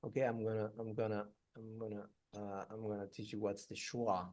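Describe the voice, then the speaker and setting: A man's voice: on the low side, level tone, brisk, darkish tone, dry recording. A man giving a one-on-one English pronunciation lesson, explaining patiently and repeating example words, with frequent restarts. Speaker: English tutor.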